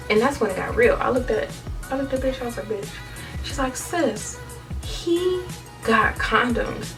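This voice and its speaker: A woman's voice: mid-range voice, creaky, fairly bright tone, far from the mic. A young woman telling a candid storytime on her vlog, chatty and dramatic, full of slang and laughing often. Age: young adult. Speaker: vlogger.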